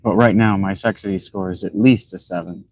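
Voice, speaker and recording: A man's voice: low-pitched, fairly even intonation, a little fast, a little mellow, poor audio. A man giving blunt, rambling commentary while he plays a video game. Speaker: gaming streamer. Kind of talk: casual commentary while playing.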